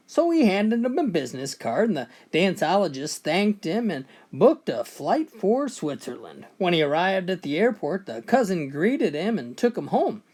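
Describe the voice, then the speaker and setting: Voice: medium pitch, big pitch swings, moderate pace, few pauses, darkish tone. A joke teller reading out a run of short funny stories, switching briefly into voices for the characters.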